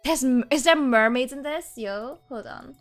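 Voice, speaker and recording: A woman's voice: high-pitched, moderate pace, faint music behind. A woman streamer chatting casually with her viewers, laughing often and rambling with restarts.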